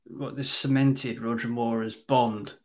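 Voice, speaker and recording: A man reviewing a film in casual podcast chat, blunt and quick to swear. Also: mid-range voice, steady tone, a little mellow. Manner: blunt, sweary, exasperated asides. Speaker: podcast co-host.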